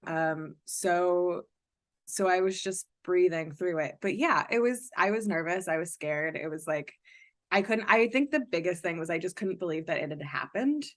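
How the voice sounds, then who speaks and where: A young woman, a stand-up comic, talks as a guest on a podcast in a voice a bit low for a woman. She answers in a thoughtful, measured way. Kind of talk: casual podcast interview.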